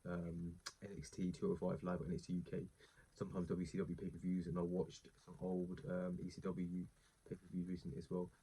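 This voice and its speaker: A man's voice: low voice, warm tone, husky, rough recording. A man, talking in a casual, rambling way with lots of asides as he reviews a wrestling show. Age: late 20s. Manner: chatty, digressive, many asides and fillers.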